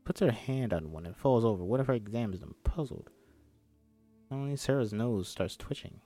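A man's voice: mid-range voice, expressive, normal speed, warm tone, soft background music. A man reads a film script aloud and breaks off for jokey, swearing asides, acting out the characters' lines as he goes.

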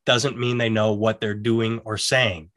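A podcast host with a lowish voice speaks unhurriedly in a casual chat. He tells stories with animation, acting out the quotes as he goes.

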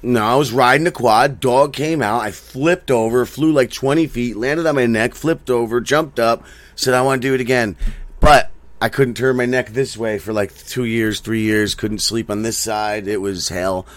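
A man's voice: mid-range voice, normal speed, no echo. A man guesting in crude, casual banter, needling and swearing, rambling through stories. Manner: needling, profane, rambling storyteller.

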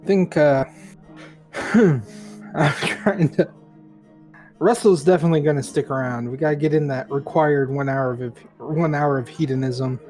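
Man player, chatty, mid pitch, light music behind. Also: a little slow, a little mellow. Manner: chatty, laughs a lot. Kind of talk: casual tabletop play.

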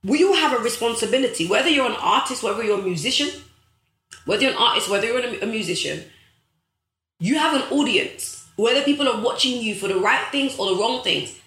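Young woman, live-stream motivational host, repeats lines for emphasis, bright tone. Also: on the high side, expressive, brisk, echoey room. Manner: preachy, emphatic, repeats phrases for effect; addresses viewers directly as guys.

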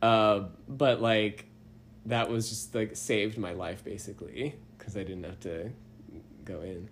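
A man's voice: on the low side, steady tone, unhurried, a little hiss or hum. A young man casually telling a story on a podcast, rambling and self-deprecating, often laughing mid-sentence. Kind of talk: casual chat.

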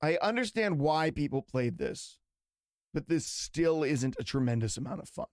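Man, podcast host, from outside Pittsburgh, slightly high voice, self-mocking laugh, dry close mic. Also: animated, moderate pace, no room sound. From outside Pittsburgh, Pennsylvania, US. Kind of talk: casual podcast chat.

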